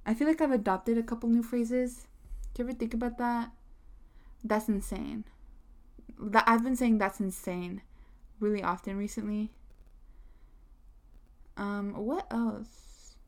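A woman's voice: fairly high pitch, fairly even intonation, unhurried, long pauses. Chatty young woman rambling solo. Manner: chatty, rambling, lots of "like" fillers. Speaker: podcast host. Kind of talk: casual solo chat.

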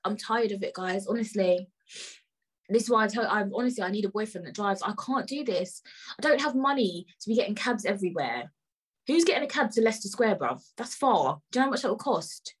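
A woman's voice: mid-range voice, expressive, brisk, husky, low-quality recording. A woman hosting her own podcast, tired and upset, ranting heatedly in slangy speech and repeating phrases. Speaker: podcast host. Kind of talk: angry ranting monologue.

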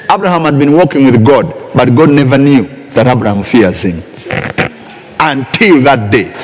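A man preaching a sermon, emphatic, swinging from soft asides to shouted lines. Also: mid-range voice, lively intonation, moderate pace. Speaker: pastor. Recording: reverberant hall.

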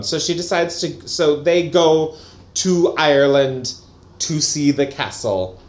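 A man's voice: a little high, roomy sound. A man co-hosting a casual, jokey book-review chat. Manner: animated, jokey. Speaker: podcast co-host.

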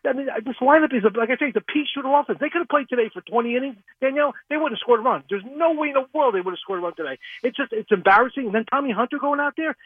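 A man's voice: extremely high pitch, very fast, few pauses, breathy edge, no echo. Frustrated male caller on a tinny phone line. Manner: frustrated, ranting. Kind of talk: call-in rant.

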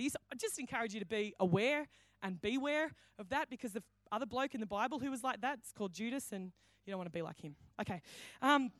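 A woman's voice: on the high side, expressive, fast talker, few pauses, a bit bright, no echo. Woman pastor preaching. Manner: storytelling, acts out quoted lines, frequent restarts. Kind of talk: sermon.

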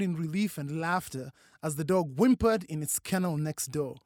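A narrator reading a novel aloud with expressive, varied delivery. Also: mid-range voice, moderate pace, hardly any pauses, dry recording, clean studio sound. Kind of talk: audiobook narration.

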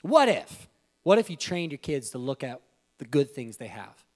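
A man in his thirties tells a family story as a devotional sermon. His pitch swoops widely as he gets caught up in it, with frequent laughter and his voice climbing high when he is moved. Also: very animated, normal speed. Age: 30s. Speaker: speaker.

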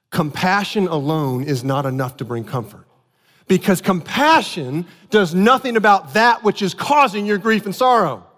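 A man preaching a sermon, telling a family story with animated outbursts and earnest explanation. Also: sits high. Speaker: pastor. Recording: long hall reverb.

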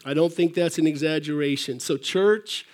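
An older male pastor gives a folksy, rambling sermon to his church. His voice sits a little high for a man, and he pauses often on fillers and restarts. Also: a little mellow.

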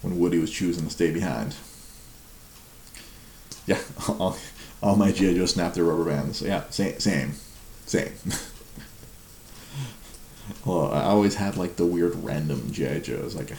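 A man's voice: sits low, creaky, dark tone, reverberant, a little hiss or hum. A man in his forties chatting casually at home at night, laughing a lot and mocking himself. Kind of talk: casual chat.

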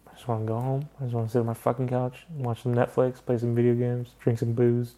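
A man's voice: medium pitch, completely flat delivery, fast, dark tone. A young man hosts a casual podcast chat. He tells his story in a heated, profane way, swearing freely as he goes. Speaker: podcast host.

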